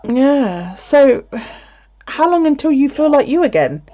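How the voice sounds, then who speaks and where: A woman's voice: high-pitched, sing-song, a little slow, mellow. Chatty, swearing woman vlogger. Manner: chatty, swears freely, lots of laughter. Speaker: video creator. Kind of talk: casual live chat to viewers. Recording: dull lo-fi sound.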